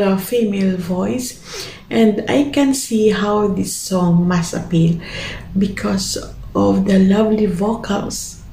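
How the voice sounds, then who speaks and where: A woman's voice: mid-range voice, gravelly, darkish tone. A woman hosting a reaction vlog, effusive and full of amazed exclamations. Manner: effusive, keeps exclaiming in awe. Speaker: reaction video host. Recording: echoey room with faint noise.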